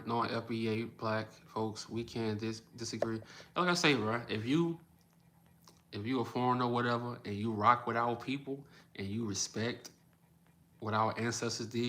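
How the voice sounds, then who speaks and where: Man, livestream host, blunt and repetitive, bright tense voice. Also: medium pitch. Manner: blunt, animated, repeats phrases for emphasis. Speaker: livestream host reading chat. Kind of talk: casual livestream commentary.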